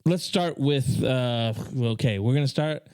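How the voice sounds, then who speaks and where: A man's voice: medium pitch, a little slow, darkish tone, smooth, no echo, studio quality. A man hosting a casual podcast chat, joking around and slipping into comic voices when he quotes people. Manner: playful, puts on comic voices in quoted bits. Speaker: podcast host.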